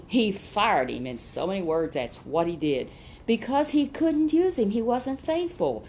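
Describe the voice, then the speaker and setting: A woman telling a children's Bible story in a lively, chatty way, with asides to a puppet. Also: mid-range voice, moderate pace, noisy background.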